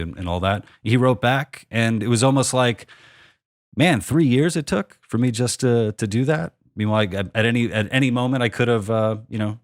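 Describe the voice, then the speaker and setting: A man's voice: mid-range voice, normal speed, no echo, clean studio sound. A man in his thirties hosting a podcast, rambling and joking at his own expense with many restarts. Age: 30s. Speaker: podcast host. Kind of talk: casual comedic conversation.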